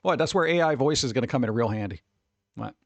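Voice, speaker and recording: A man's voice: medium pitch, animated, fast talker, vocal fry, no room sound. A tired man chatting casually on a livestream, rambling and sarcastic, reading chat messages aloud.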